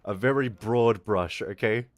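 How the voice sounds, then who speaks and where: A man's voice: lowish voice, unhurried, dry recording. A young Australian man chatting casually on a livestream, rambling, swearing and laughing often, his throat a little irritated. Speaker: VTuber streamer.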